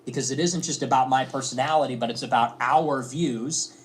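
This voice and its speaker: A man's voice: mid-range voice, a little fast, a little hiss or hum. A man in a played interview clip, answering earnestly about how others see him. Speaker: political commentator.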